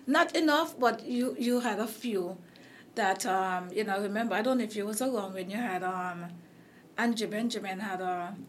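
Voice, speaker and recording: A woman's voice: medium pitch, moderate pace, a little hiss or hum. A woman with a Caribbean accent hosting a casual interview chat, rambling with many fillers and restarts while she is losing her voice. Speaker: host.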